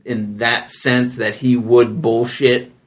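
A man in his thirties hosting a casual podcast, telling stories with lively energy and jumping high when he quotes other people. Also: slow pace. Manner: animated storyteller, jumps high when quoting others. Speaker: podcast host.

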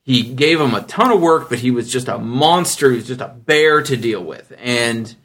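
Male podcast host, 30s, casual and animated storyteller. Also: normal speed. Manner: animated storyteller, jumps high when quoting others.

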